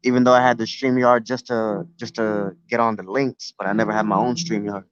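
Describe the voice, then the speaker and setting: Outdoors near the beach, a New York-accented man live-streams from his phone, chatting loosely with plenty of profanity. His lowish voice is clear and resonant with little pitch movement and a slightly quick pace, carried on dry, dull phone audio.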